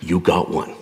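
A man's voice: a little mellow, big-room sound. A man preaching a sermon in a conversational way, acting out the voices he quotes. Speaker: pastor.

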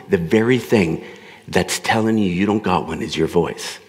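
Deep-voiced man preaching in a hall. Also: normal speed. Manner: conversational preaching, acts out quoted voices. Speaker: pastor. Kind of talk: sermon.

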